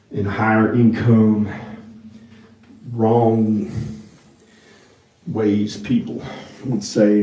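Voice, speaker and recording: A man's voice: on the low side, dark tone. A man vlogging in a rambling, profane monologue, talking into a handheld microphone. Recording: roomy, mic held far off.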